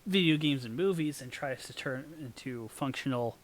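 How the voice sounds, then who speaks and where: A co-host in relaxed conversation who keeps pausing on fillers and restarting sentences. The voice sits at an ordinary middle pitch. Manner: halting, many fillers and restarts. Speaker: podcast co-host. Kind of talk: casual chat.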